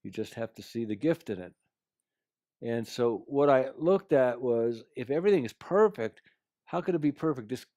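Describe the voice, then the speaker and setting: Man, mid pitch, earnest storyteller delivering a life lesson, dry close sound. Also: dry recording. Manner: earnest storyteller, drops to a quiet voice for quotes. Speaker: speaker sharing life lessons. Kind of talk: anecdotal talk to camera.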